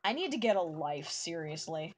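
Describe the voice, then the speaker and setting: This young art streamer sounds very animated as she draws and chats giddily with viewers. Her voice sits low and moves at a normal speed.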